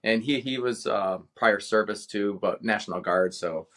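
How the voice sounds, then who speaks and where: A man's voice: lowish voice, moderate pace, fairly bright tone. A man from Cleveland, a retired veteran, telling a personal story as a podcast guest with passion and animation. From Cleveland, Ohio, USA. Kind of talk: casual interview storytelling.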